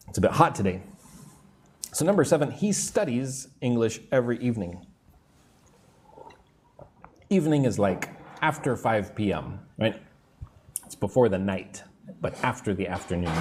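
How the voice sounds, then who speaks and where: A male English teacher giving a live-streamed lesson. He speaks slowly and patiently and stretches out his words. His intonation swings up and down a lot as he reads out comments from viewers. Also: on the low side, darkish tone, a little hiss or hum. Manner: drawn-out, patient teacher delivery.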